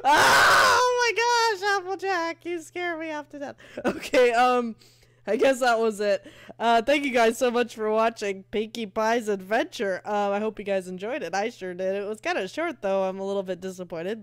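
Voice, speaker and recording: A woman hosting a let's play of a horror game, excitable and often screaming and gasping in fright. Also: medium pitch, clear, resonant tone. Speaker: gaming video host.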